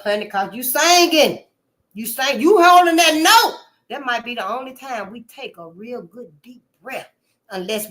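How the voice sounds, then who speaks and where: A woman from Memphis, hosting a casual, animated monologue, calling listeners honey and swearing freely. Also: medium pitch. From Memphis, Tennessee. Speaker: channel host.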